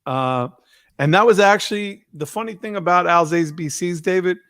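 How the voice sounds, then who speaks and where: A man hosting a live stream, telling stories in a casual, profane, animated way. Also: high voice, moderate pace, smooth, no echo, clean studio sound. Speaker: host.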